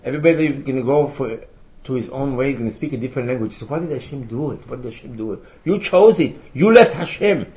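Speaking fast in a dark, mid-range voice, a rabbi gives a religious lecture to his Torah class. He poses rhetorical questions and emphatically quotes Hebrew sources, heard through a rough recording.

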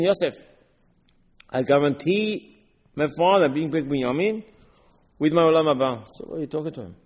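Animated man teaching Torah, echoing hall. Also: a little high. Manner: animated, rhetorical questions, quotes verses in Hebrew. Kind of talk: Torah class in English.

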